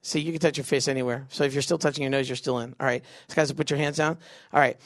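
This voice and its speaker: A young man leading a big youth crowd through a game, joking and doing quick silly voices. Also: mid-range voice, steady tone, dry recording, studio quality. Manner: goofy, quick asides, acts out voices. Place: event venue with a live audience.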